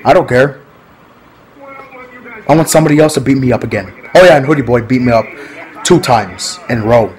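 A man's voice: mid-range voice, a little fast, pauses often, darkish tone, rough recording. A man talking casually to his viewers in a rambling, repetitive vlog, often laughing. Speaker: vlogger.

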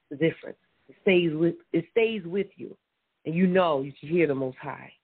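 A preacher giving an informal Bible teaching, reading scripture aloud, often repeating words and affirming with a quiet mm-hmm. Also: mid-range voice, normal speed, husky. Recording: tinny phone-line audio.

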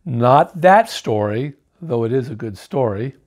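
A man voicing a proud, learned father worm in a storybook, speaking in a stern, measured way. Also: on the high side, very animated. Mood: calm.

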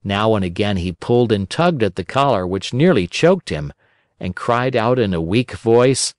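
A man narrating a children's storybook in a gentle, unhurried voice. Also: lowish voice, expressive, no room sound, studio quality. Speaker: audiobook narrator.

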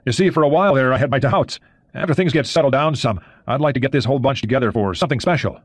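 A man's voice: mid-range voice, quick pace, no echo, clean studio sound, voice pushed up, close to an everyday voice. A male audiobook narrator reading the lines of a friendly American CIA analyst in a plain conversational way. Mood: warm.

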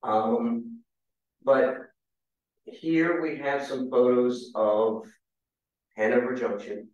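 Male lecturer, conversational history talk; boomy hall, distant mic. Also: fairly even intonation, drawn-out words, pauses often, highs cut off. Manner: conversational, asks the audience questions. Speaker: guest speaker. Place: meeting hall. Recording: very echoey room, mic far off.

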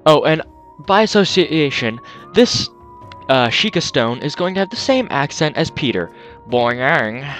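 A man's voice: a little high, very animated, moderate pace, a bit bright, soft background music. A man on a headset mic giving jokey, self-mocking commentary while playing a video game. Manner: jokey, self-mocking, laughs at own jokes. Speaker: let's play host. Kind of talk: gameplay commentary.

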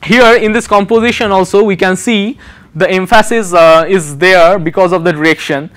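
A man giving a recorded design lecture, explaining slides in a halting way with many pauses and restarts. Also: high-pitched, fairly bright tone.

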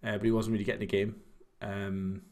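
A man's voice: lowish voice, little pitch movement, fairly quick, a little mellow. A young man, casually chatting and rambling while commentating on his own game. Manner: rambling, chatty, self-deprecating. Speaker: streamer.

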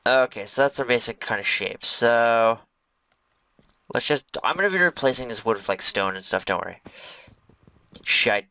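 A man's voice: medium pitch, expressive, normal speed, bright, forceful tone, dry recording. A man giving casual, jokey gameplay commentary, rambling to himself as he builds. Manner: rambling, jokey, talks to himself and to game creatures. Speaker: gaming video host. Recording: dull lo-fi home recording.

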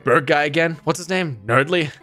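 A young man voicing a joking, gruff reindeer-monster father lying in a hospital bed. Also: on the high side, moderate pace, bright, forceful tone, soft background music.

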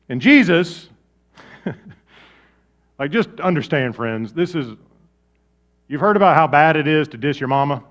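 A man preaching a sermon, swinging from loud, animated storytelling to quiet, low emphasis. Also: unhurried, pauses often. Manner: lively preaching with big swings in volume. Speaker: pastor.

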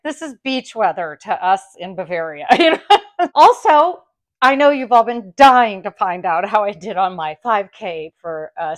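A middle-aged woman talks to her viewers in a warm, chatty way. She laughs often and restarts her sentences as she tells a long story. Her voice sits at a middle pitch. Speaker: vlogger unboxing a clothing haul.

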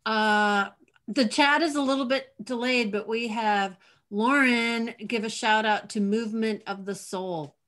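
A woman's voice: on the high side, a bit bright. Woman host, bubbly and giggly, casual video-call chat. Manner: giggly, bubbly, quick to laugh. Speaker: talk show host.

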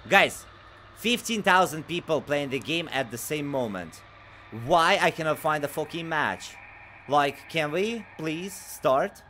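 A fairly high-voiced man hosts a casual game stream, reading viewer messages aloud. His voice has a bright, sharp edge. He is restless and excitable, dropping to low mutters one moment and bursting out loudly the next. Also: a little slow, slight background noise. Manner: excitable and restless, swings from mutters to loud outbursts.

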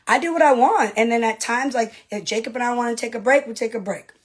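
A woman's voice: a little high, fast talker, husky. A woman, a reality TV personality, in a casual livestream rant to her fans, brash and profane with mocking asides.

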